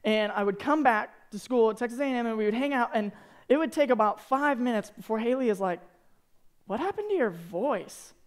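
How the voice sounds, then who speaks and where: A young man in his twenties from Arkansas, giving a joking, animated talk to students as a youth speaker. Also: very high voice, fast, smooth. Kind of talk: sermon to students.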